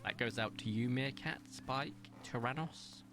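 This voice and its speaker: A man chatting casually to viewers while streaming, excitable and rambling, with sudden jumps up in pitch. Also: unhurried. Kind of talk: casual live-stream chat.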